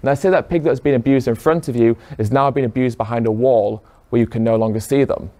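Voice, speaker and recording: A man's voice: mid-range voice, fairly even intonation, fast, mellow. A man giving a persuasive public talk, speaking straight to a room of listeners and firing rhetorical questions at them. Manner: poses rhetorical questions to the audience. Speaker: speaker addressing an audience.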